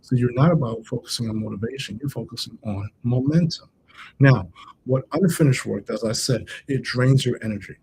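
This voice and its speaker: A man gives a motivational talk as a coach on a livestream, in a mid-range voice. He speaks conversationally, circling back to restate each point and calling out to viewers in the chat. A faint low rumble sits behind him. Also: lively intonation, fairly quick. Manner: addresses live chat viewers directly.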